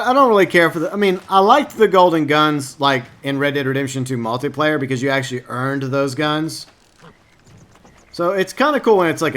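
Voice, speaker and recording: Chatty male streamer with a bright voice. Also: a little high. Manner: rambling, chatty, greets and answers viewers by name. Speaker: live streamer. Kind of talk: casual gameplay stream commentary.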